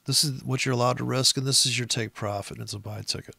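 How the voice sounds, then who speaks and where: A man giving a casual, rambling and profane talk on trading, rising to loud, high-pitched rants. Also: quick pace, gravelly, no echo. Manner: profane, animated, gets loud and high when ranting. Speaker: trading educator.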